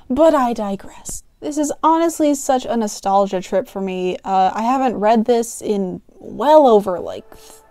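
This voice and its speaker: A woman's voice: high-pitched, warm tone, no echo. A young woman reading her old story aloud with giggly, self-mocking commentary, close to the mic. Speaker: youtuber.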